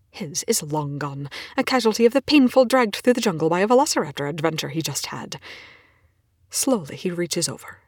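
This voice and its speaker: A woman reading a fan story aloud, expressive and often dropping into whispers, with casual swearing. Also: sits low, slightly rough, no echo, studio quality. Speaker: reader. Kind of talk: fan fiction read aloud.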